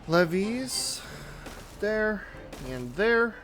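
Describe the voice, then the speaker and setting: A man giving casual commentary on his own gameplay, thinking aloud as he builds in a relaxed way. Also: high-pitched, drawn-out words, soft background music. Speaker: gaming YouTuber. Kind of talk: casual let's-play commentary.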